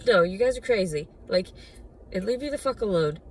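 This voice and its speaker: A woman's voice: mid-range voice, expressive, brisk, distant mic, a little hiss or hum. A woman venting in an angry, profane, bitter personal rant for her video diary. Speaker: vlogger.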